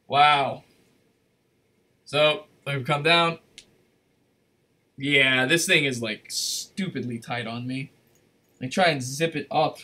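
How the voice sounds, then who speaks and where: A man hosting a casual livestream from his desk, rambling and correcting himself as he chats, his voice going slightly hoarse. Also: mid-range voice, slow pace, pauses often, bright, forceful tone. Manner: rambling, chatty, self-correcting. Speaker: livestream host. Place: at a desk in a room.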